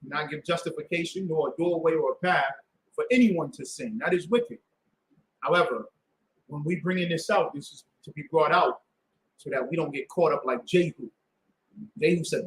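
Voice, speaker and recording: A high-pitched man leads a Sabbath class like a preacher, firing rhetorical questions and pulling answers from the room. His voice rings around a reverberant space, with a lively, pressing delivery. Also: normal speed. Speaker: religious class teacher. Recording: echoey room.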